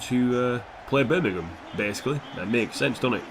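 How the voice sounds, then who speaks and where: A man's voice: medium pitch, normal speed, faint music behind. Sweary young man commentating a game. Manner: sweary, excitable, swings between mutters and shouts. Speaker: gaming YouTuber. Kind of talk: gameplay commentary.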